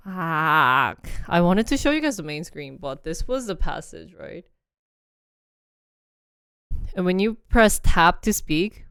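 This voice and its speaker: Her voice sits fairly low yet is very animated, slightly bright, and smooth, with a slow pace and frequent pauses. On her casual livestream this young woman rambles, laughs a lot, and reads brief sample passages into a phone app, all in a dry, studio-quality recording.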